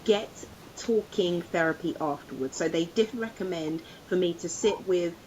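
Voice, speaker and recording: A woman's voice: lowish voice, normal speed, a little mellow, slight background noise, low-quality recording. A woman co-hosting a podcast, telling a personal story in a casual chat and acting out the voices of others. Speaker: podcast co-host.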